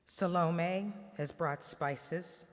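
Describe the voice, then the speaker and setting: A man giving a solemn, hushed devotional reading at a Good Friday service, tender and sorrowful. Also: a little high, drawn-out words. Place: church. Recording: long church reverb.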